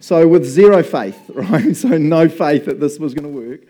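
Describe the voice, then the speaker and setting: A man in his fifties, a pastor giving a casual, story-driven sermon, chatty and quick to laugh. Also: a little high, lively intonation, warm tone, husky, poor audio. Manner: casual and chatty, laughs often, says "right?" and "bro".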